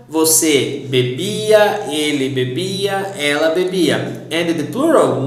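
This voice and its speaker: Man, Brazilian accent, native Portuguese speaker, language teacher, very slow, echoey room. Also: on the high side. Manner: slow, patient, spells out each conjugation. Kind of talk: online language lesson. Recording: roomy echo.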